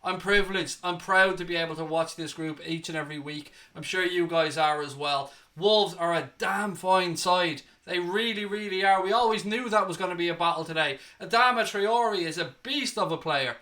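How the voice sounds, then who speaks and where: A young man hosts a football reaction show with hyped, excitable energy, a little out of breath. His voice sits high and bright, with a sharp, forceful edge as he keeps calling out to his viewers. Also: moderate pace, hardly any pauses. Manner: excitable, hyped, addresses viewers as ladies and gentlemen. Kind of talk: energetic post-match reaction.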